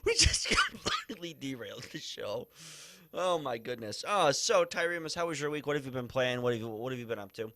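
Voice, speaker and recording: A man from Ohio hosting a casual gaming podcast, chatty and animated, acting out quotes in exaggerated voices. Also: medium pitch, fairly quick. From Ohio, USA. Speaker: podcast host.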